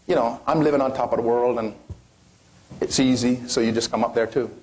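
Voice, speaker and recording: Addressing an audience with passion, a motivational speaker pushes his points through rhetorical questions and sweeping vocal rises and falls. His voice is medium-pitched and a little mellow with fairly even intonation, he speaks fairly quickly, and there's a little hiss or hum in the recording.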